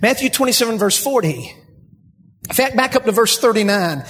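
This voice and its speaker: High husky preacher man in a hall. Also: brisk. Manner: preaching with rising, shouted emphasis. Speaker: pastor. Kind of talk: sermon. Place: church sanctuary. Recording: long hall reverb, husky.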